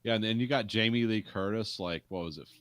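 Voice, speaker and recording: A man co-hosting a casual film podcast, making dry, wry remarks and quick quips. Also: lowish voice, fairly bright tone, dry recording. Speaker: podcast co-host.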